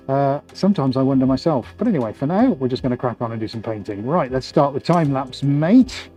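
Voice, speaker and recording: A man's voice: medium pitch, lively intonation, quick pace, few pauses, dark tone, soft background music. A man hosting a live painting stream, chatting and joking as he works in his studio. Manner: chatty, jokey, laughs often while working. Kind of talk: casual live-stream commentary. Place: art studio, indoors.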